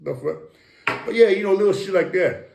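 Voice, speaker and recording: Speaking in a high-pitched voice with vocal fry and a brisk pace, a middle-aged Samoan American man recounts profane, boastful tales. He's an animated guest in a casual interview, and the room sounds reverberant.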